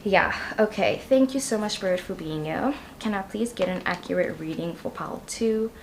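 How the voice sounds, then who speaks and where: A woman's voice: medium pitch, moderate pace, creaky, a little hiss or hum. A young woman giving a casual tarot reading to camera, chatty and rambling with lots of fillers. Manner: chatty and rambling, many ums and you-knows. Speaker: tarot reader.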